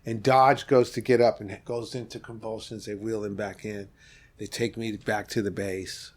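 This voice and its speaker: A middle-aged man from Los Angeles, a podcast guest, tells a candid story from his past in an animated way, rising sharply and then dropping off softly. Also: on the low side, normal speed. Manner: vivid, animated retelling with sudden rises and soft drop-offs.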